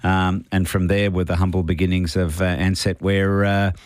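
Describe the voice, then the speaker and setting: Deep-voiced radio host. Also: male voice, flat delivery, moderate pace, no room sound, clean studio sound. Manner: chatty, knowledgeable, thinking aloud with restarts. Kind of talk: casual radio chat.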